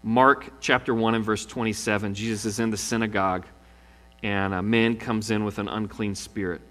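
A man's voice: fairly low pitch, normal speed. Man preaching in a reverberant hall. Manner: animated storytelling, acting out quotes. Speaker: pastor. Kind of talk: sermon.

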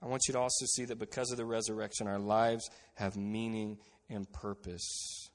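With a lowish voice at a moderate pace, a man delivers a sermon as pastor, earnest and steady. He quiets down to emphasize key phrases, and the audio has a big-room sound.

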